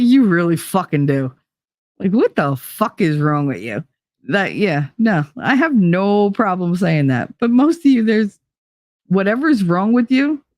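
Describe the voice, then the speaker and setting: A woman's voice: lowish voice, darkish tone, no room sound, studio quality. A woman with a New Jersey accent hosting a livestream, chatting casually with viewers in a blunt, profane, rambling way. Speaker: livestream host. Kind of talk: casual chat with live viewers.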